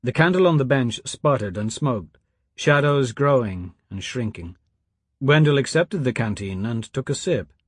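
A male audiobook narrator reading in a measured, quiet way. His voice is husky and middle-pitched. The recording is close and dry. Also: animated, dry recording.

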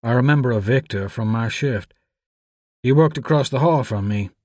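A man reading aloud who voices a shaken, guilt-ridden middle-aged man, quiet and halting. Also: mid-range voice, dry recording, clean studio sound, close to an everyday voice. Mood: troubled.

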